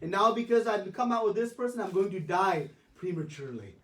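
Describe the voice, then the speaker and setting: A man's voice: high voice, steady tone, normal speed, darkish tone, natural voice. A man voicing an anxious older male saint who complains in an exasperated, whining way. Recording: roomy distant mic.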